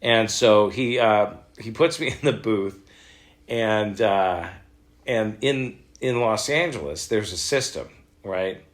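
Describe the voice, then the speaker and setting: Male voice actor guest, middle-aged, low-pitched, animated storyteller. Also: slow. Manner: animated storyteller, acts out quoted lines, laughs often. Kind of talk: casual storytelling interview.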